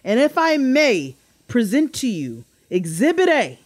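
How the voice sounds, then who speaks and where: A woman co-hosting a podcast who tells a story in a casual, animated way, swearing freely and acting out quotes in a much higher voice. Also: unhurried, dry recording. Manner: animated, swearing, acts out quotes with big pitch jumps. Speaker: podcast co-host.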